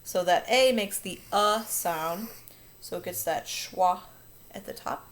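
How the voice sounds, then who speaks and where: This woman teacher has a lowish voice and speaks slowly as she guides children through a phonics lesson. She stays upbeat and patient, catching and correcting her own slips along the way.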